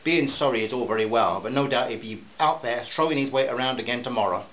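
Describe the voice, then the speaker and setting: A man's voice: medium pitch, quick pace, dull audio, slight background noise, natural voice. A man voicing an angry, indignant mother who snaps and raises her voice. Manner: snapping, raised voice.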